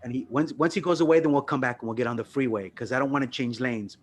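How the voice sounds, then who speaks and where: Man telling a profane story, medium pitch. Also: quick pace. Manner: loose, profane anecdote-telling with frequent "you know what I mean" and "right?". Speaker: podcast co-host and comedian. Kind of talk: casual storytelling chat.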